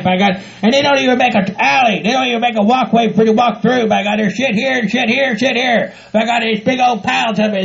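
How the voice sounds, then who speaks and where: Gruff hillbilly rancher, voiced by a man, gravelly and high, cussing nonstop, lo-fi audio. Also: a bit bright. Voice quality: gravelly, exaggerated country hick voice. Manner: grumbles, swears, keeps repeating "by God". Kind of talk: comedy audio skit. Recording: dull lo-fi home recording.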